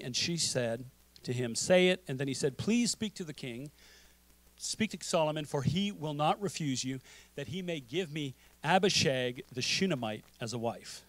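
A man's voice: a little high, animated, moderate pace, no echo. A male pastor preaching a sermon, retelling Bible stories in a casual, conversational way with frequent asides to the congregation. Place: church.

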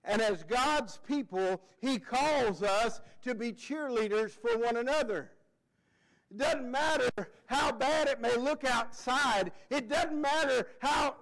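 Male pastor, very high pitch; folksy, excitable sermon delivery. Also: poor audio. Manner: folksy, excitable preaching with shouted cheers.

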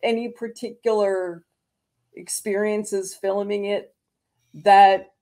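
A woman's voice: medium pitch, fairly even intonation, slow, dark tone. A woman hosting a casual interview, reacting briefly and asking questions. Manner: short reactions and laughs while listening. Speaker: host.

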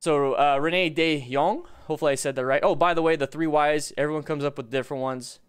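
A man's voice: fairly high pitch, steady tone, fast talker, clear, resonant tone, faint music behind. A man hosting a casual live stream, reading viewer questions, reacting to motorcycle clips and giving riding advice in a chatty, upbeat way. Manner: upbeat, hypes the chat for likes. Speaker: live-stream host reviewing motorcycle videos.

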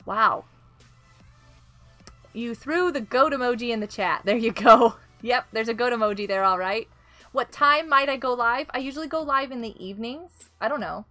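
A woman hosting a casual gameplay live stream, excitable and giggly as she reacts to the game and greets viewers by name. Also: fairly high pitch, normal speed, soft background music.

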